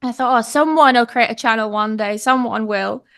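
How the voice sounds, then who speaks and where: A woman's voice: fairly high pitch, normal speed, vocal fry, clean tone. A woman in her thirties with a British English accent, a pronunciation teacher telling stories as a guest in a casual conversation, laughing often and acting out what people said. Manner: animated storytelling, laughs often, acts out quotes.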